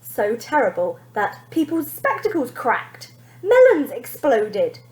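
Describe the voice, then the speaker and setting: Woman teacher, storybook read-aloud, lively, animated pitch, echoey room. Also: takes it slowly. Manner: lively expressive, pointing out pictures. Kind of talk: reading a storybook aloud to children.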